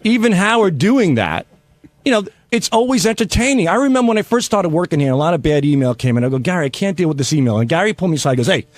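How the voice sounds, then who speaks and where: Quick, high-pitched male voice that swoops up and down, full of energy. He retells conversations by playing each part, on a dry, close studio mic. A talkative staffer holding the floor. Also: no room sound. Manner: animated storyteller who acts out quoted dialogue. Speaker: radio show staffer. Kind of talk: casual studio chat.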